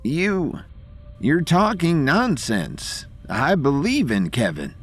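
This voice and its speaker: A man's voice: medium pitch, very animated, fairly quick, faint music behind, voice pushed up. A man voicing a weak, beaten father who speaks in pained, faint pleas in an audio drama. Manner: pained, faint, breathy pleading.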